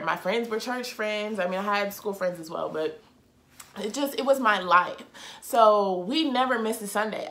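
A young woman talking casually and openly to her viewers in a faith vlog, chatty and confiding. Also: mid-range voice. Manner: chatty, warm-hearted, confiding, heartfelt. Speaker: vlogger. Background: soft background music.

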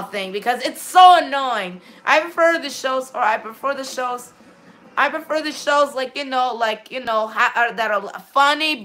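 A woman streaming live gameplay who rambles, reads viewer chat aloud and greets viewers, with sudden excited bursts and a habit of repeating "all right then". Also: a little high. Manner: sudden excited bursts when directing players. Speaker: game streamer.

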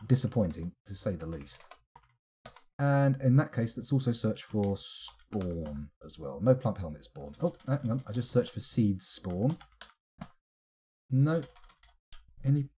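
Dry, husky-voiced man reading game text. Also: mid-range voice, darkish tone. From United Kingdom. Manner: dry, sardonic asides, drawn-out reading. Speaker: streamer.

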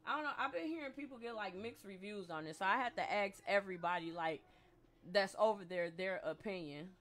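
A young woman live streaming a game, chatting casually with her squad, blunt and profane, breaking into loud laughs. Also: medium pitch, brisk. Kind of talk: casual gaming stream chat. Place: at home in a gaming chair.

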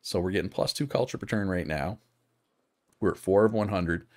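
A man with a low, deep voice gives casual live commentary on a strategy game. He thinks aloud and stops to answer viewers' chat. The recording is dry and close. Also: a little fast, no room sound. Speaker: streamer.

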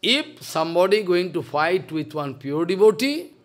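Guy preaching, high voice, super animated storytelling. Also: normal speed. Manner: animated, dramatic retelling in broken English. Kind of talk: sermon storytelling.

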